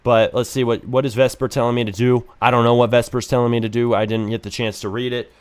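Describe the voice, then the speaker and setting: A man's voice: mid-range voice, flat delivery, quick pace, a little mellow, clear, resonant tone. Joking male game-review streamer. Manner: blunt, joking critique. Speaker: live streamer reviewing games. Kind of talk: casual live-stream commentary.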